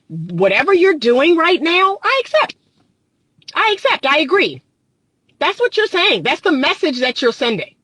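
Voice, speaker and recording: A woman's voice: sits high, no echo. A woman relationship coach, giving an emphatic live-streamed talk and repeating her points for emphasis. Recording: dry close phone mic.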